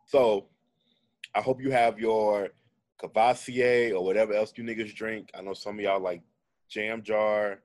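A man's voice: lowish voice, steady tone, measured pace, darkish tone. A man casually retelling a Bible story as comedy in heavy slang, laid-back and irreverent. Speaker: podcast co-host telling a comic Bible story.

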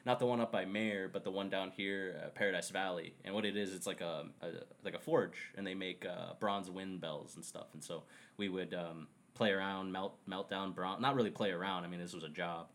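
A man's voice: sits low, fairly even intonation, brisk, fairly bright tone. A man chatting casually as a podcast guest, laid-back and joking, rambling with lots of fillers. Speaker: guest, glassblower.

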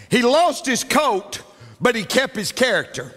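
Male pastor, high bright voice, lively swooping delivery, emphatic repeats; reverberant church hall. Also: moderate pace. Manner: emphatic, repeats lines for effect. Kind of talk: sermon. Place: large church.

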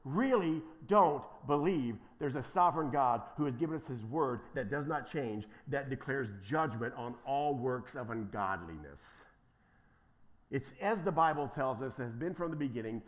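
A man preaching an emphatic sermon as pastor, swinging from quiet asides to loud, impassioned declarations. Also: mid-range voice, expressive, moderate pace, muffled recording.

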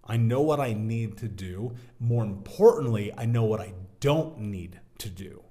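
A man in his thirties telling a story from his working life as a guest in a casual interview, animated and talking like a buddy. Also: on the low side, measured pace. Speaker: podcast guest, business owner.

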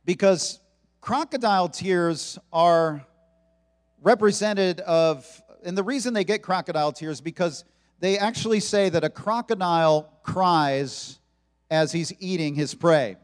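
A man preaching a sermon to his congregation, joking and animated as he talks. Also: high voice, a little slow, clear, resonant tone, in a large hall. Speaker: pastor. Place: church sanctuary.

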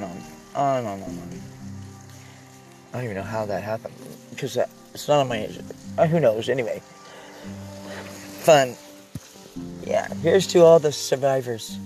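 A vlogger with a medium-pitched voice rambles casually from inside the vehicle he lives in, raw and heartfelt, often trailing off mid-thought. The audio quality is poor.

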